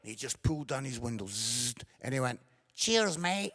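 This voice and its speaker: A middle-aged man telling comic stories in a sermon, animated and bursting into shouts, often tagging lines with "yeah?". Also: medium pitch, fast, slight background noise. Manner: animated, shouting for effect, lots of tag questions. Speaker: comedian evangelist.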